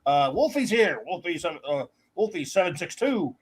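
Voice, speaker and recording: A man's voice: high-pitched, big pitch swings, moderate pace, background noise. A man co-hosting a live stream, joking around and welcoming viewers by name in casual chat. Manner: jokey, greets viewers by name. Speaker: co-host of a live streamed show.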